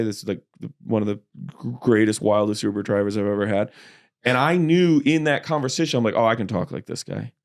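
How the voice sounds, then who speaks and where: A man, a comedian guest, in casual chat, telling animated stories and slipping into voices. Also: on the low side. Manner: animated storyteller, slips easily into voices.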